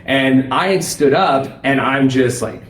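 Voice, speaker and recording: A man's voice: mid-range voice, a little slow. Young guy telling wild work stories, laughs a lot, swears, echoey room. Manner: animated, laughing, swears freely. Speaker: paramedic guest. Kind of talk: casual storytelling. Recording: roomy echo.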